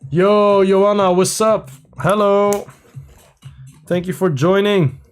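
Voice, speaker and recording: A livestream host with a high voice chats casually and slowly while building something, relaxed and thinking aloud as he goes. Faint music plays behind him.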